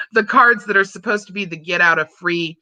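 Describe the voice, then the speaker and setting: A woman's voice: on the low side, sharp tone, dry recording. A woman hosting a casual livestream, reading out viewer chat, chatty and prone to laughing often. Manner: giggly, breaks into frequent laughter.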